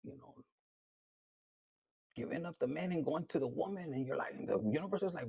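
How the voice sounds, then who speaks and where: High-pitched gravelly man reading tarot. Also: fairly quick, dark tone, no echo. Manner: blunt, profane, chatty. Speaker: tarot reader.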